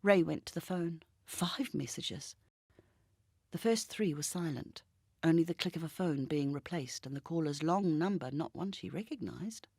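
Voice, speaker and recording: A woman reading a novel aloud in an even, measured storytelling manner. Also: sits low, husky, no room sound, studio quality. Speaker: reader. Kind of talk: scripted narration.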